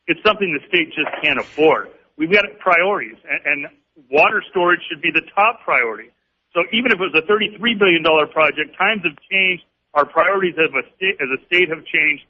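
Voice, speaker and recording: Male politician guest, somewhat high voice, firm and on message; muffled radio sound. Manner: firm, talking-point delivery with frequent "uh" pauses. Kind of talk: political radio interview answers. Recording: dull lo-fi radio broadcast audio.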